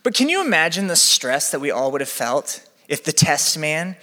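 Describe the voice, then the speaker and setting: A young man preaching a sermon as campus pastor, chatty and energetic with a live crowd. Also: a little high, normal speed. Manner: energetic, chatty, acts out quotes. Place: church venue with balcony. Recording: long hall reverb.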